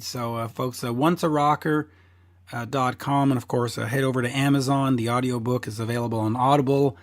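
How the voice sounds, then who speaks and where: A man's voice: medium pitch, no echo, clean studio sound. A man hosting a podcast, chatting enthusiastically and bluntly, losing his voice a little. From Canada. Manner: enthusiastic, blunt, swears casually. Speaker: podcast host. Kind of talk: casual interview chat.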